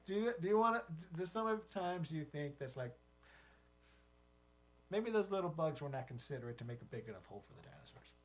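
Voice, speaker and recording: An animated podcast co-host whose voice leaps up and down as he rambles through jokes, laughing often. The delivery is loose, chatty casual talk between friends. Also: on the high side, fairly quick. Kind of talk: casual chat.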